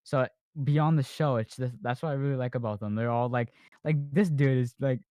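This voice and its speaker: A man's voice: mid-range voice, a little fast, warm tone, smooth, no room sound. A man hosting a podcast in casual chat, rambling with lots of fillers and restarts. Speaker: podcast host.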